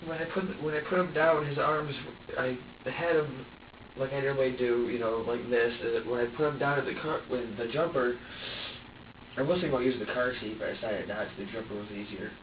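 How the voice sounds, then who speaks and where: A man being questioned by police, talking in halting bursts, repeating words and swearing as he quotes himself. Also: medium pitch. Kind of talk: police interrogation recording. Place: interrogation room. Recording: roomy, distant, dull with hiss.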